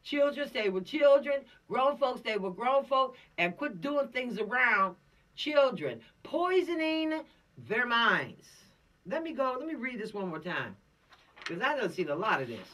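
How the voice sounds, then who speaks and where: Lively, preachy law instructor. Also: medium pitch, unhurried, distant mic. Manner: preachy, animated, streetwise slang. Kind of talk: informal lecture.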